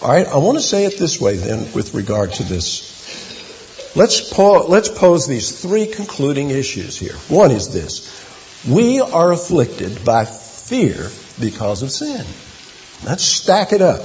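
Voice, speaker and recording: Man, preacher, sermon, animated storytelling, rhetorical questions, slightly high voice, faint hiss. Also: a little slow. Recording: dull lo-fi with long hall reverb and faint hiss.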